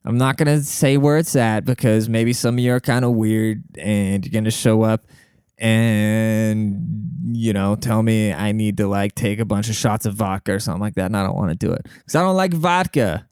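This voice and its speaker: A man's voice: on the low side, normal speed, darkish tone, smooth, dry recording, clean studio sound. Slangy, profane young man rambling. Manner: profane, slangy, jokey, says "dude" constantly. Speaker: podcast host. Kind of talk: casual rambling monologue.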